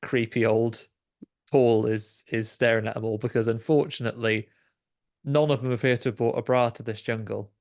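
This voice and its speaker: A man's voice: mid-range voice, steady tone, normal speed, darkish tone, no echo, clean studio sound. A man co-hosting a podcast in casual chat, wry and joking, laughing often. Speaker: podcast co-host.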